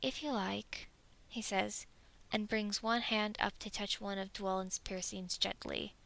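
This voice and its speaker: A woman reading a romantic fan fiction story aloud in a soft, intimate way, at times sinking into a whisper. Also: mid-range voice, level tone, a little slow, creaky, rough recording.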